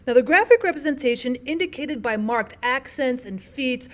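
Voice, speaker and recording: Methodical woman teacher, fairly high voice. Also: lively intonation, moderate pace, a bit bright. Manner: clear, methodical, repeats key points. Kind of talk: explaining poetic meter in a recorded lesson.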